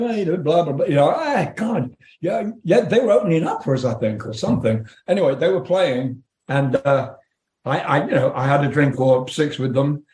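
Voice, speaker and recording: Candid older English rock singer. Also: male voice, a little high, darkish tone, echoey room. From England. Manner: candid, profane, laughs through anecdotes. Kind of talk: storytelling interview.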